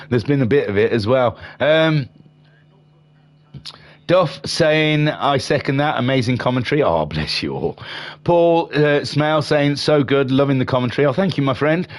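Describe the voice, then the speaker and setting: A man's voice: medium pitch, normal speed. A man giving live sim racing commentary as the channel's host, rambling and joking as he reads out viewer chat between races. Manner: excitable, rambling, jokey. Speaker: race commentator and streamer.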